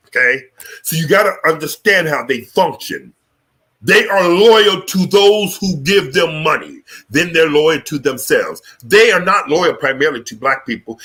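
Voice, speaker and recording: Host, male, lively and bright, profane preacher-style ranting. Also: fairly high pitch. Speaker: show host. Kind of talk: live political talk show rant.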